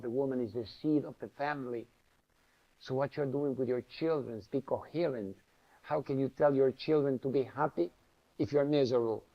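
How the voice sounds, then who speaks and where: Earnest gravelly man preaching. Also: medium pitch, dull audio. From Argentina. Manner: earnest, preaching with repeated rhetorical phrases. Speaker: inspirational speaker. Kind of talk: spiritual tribute message.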